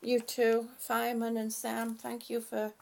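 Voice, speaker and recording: A woman hosting a livestream, chatting haltingly and affectionately with her viewers, often restarting her sentences. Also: on the high side, completely flat delivery, gravelly, a little mellow. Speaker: livestream host. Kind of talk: casual livestream chat with viewers.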